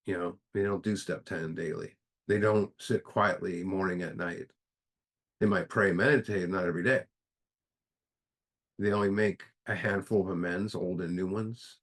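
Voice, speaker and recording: A man's voice: sits low, steady tone, moderate pace. A man speaking earnestly and plainly while leading a recovery book study. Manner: earnest, plain-spoken, emphatic. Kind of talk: recovery meeting talk.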